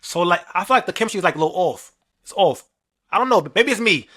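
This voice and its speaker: Animated young man with a bright, high voice. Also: fast, breathy edge. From New York. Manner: animated, rambling, heavy slang and filler, trash-talking. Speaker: podcast co-host. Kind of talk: casual sports chat.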